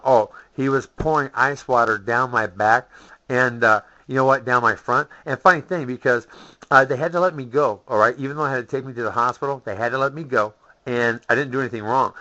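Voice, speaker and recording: A man's voice: mid-range voice, sharp tone, dull audio. A man telling a rambling story in a profane, ranting monologue, full of asides and curses. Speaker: vlogger.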